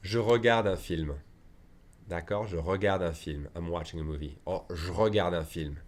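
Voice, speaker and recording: A man's voice: deep voice, moderate pace. A man teaching an online language lesson, chatty and full of asides, often checking in with his students. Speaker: French teacher.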